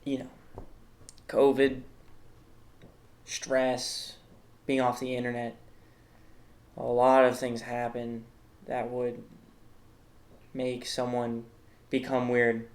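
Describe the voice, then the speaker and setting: A male host works through a comedic tier list in a rambling, mock-serious way, often stopping on fillers and restarts. His voice sits at an ordinary middle pitch for a man. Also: monotone, takes it slowly, pauses often.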